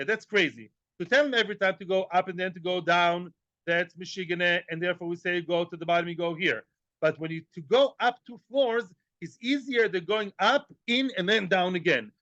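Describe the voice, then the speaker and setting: A man's voice: sits high, fairly bright tone, no room sound, lo-fi sound. A man giving a Talmud class, joking as he goes, asking rhetorical questions and dropping in Hebrew and Aramaic terms. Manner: rhetorical questions, repeats phrases. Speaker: Talmud teacher.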